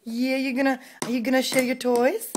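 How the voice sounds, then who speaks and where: A woman's voice: high-pitched, flat delivery, fairly quick, noisy background. A pregnant mother filming at home, coaxing her toddler with sing-song, encouraging questions.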